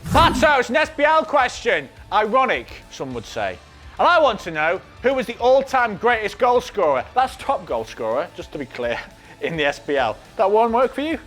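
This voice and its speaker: A man hosts a football quiz with mock excitement and dry sarcasm. His voice sits high and leaps around a wide range. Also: moderate pace, soft background music. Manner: over-the-top excitable and sarcastic. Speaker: quiz question reader.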